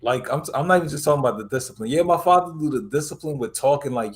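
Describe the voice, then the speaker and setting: A man co-hosting a casual discussion, telling a family story in a relaxed, conversational way. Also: mid-range voice, fast talker. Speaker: podcast co-host.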